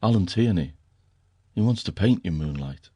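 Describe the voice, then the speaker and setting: A man's voice: low voice, animated, moderate pace, dark tone, slightly rough, no echo, studio quality. A male narrator voicing a teasing, affectionate young husband with a wry, fond way of talking.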